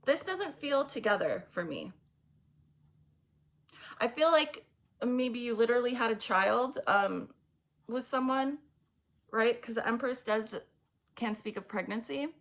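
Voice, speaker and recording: Giggly woman reading tarot, gravelly edge. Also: a little high, animated, a little slow, long pauses. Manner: chatty, giggly, blunt. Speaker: tarot reader.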